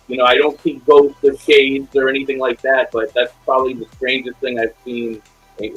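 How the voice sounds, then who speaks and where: Middle-aged podcast host, husky, stumbles and repeats himself, faint music behind. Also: male voice, mid-range voice, a bit bright, lo-fi sound. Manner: halting, repeats words, earnest. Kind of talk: casual podcast chat.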